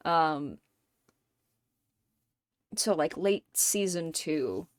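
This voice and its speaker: A woman hosting a livestream in casual chat, rambling and excitable, and swearing often. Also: sits low, very slow, dry recording, clean studio sound. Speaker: livestream host. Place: home streaming setup.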